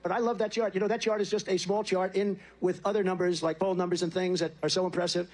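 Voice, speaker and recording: Political candidate, man, rally speech; rapid, boastful, repetitive rambling. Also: high voice, level tone, darkish tone. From United States.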